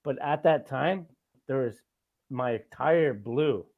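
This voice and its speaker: A man's voice: mid-range voice, slow pace. Guy rambling thru a story on a podcast, swears nonstop, keeps saying right?, sounds like a tinny phone line. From Canada. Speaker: podcast host. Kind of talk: casual podcast chat.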